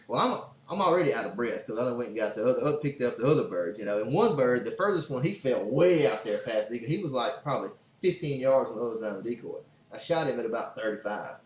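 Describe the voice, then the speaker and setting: A man hosting a podcast, telling a long story in a casual, excitable, rambling way. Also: mid-range voice, quick pace. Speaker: podcast host and father. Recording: roomy, slightly dull sound.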